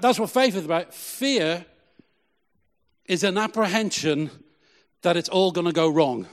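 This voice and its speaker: A middle-aged man, a pastor, preaching a sermon with emphatic, slow, repeated phrases. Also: a little high, long reverb tail.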